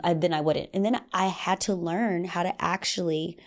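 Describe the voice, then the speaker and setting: A young adult woman talks through a solo podcast episode in a lower-pitched voice. She stays casual and animated, and now and then slips into playful voices to act out little scenes. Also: normal speed, hardly any pauses. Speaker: podcast host.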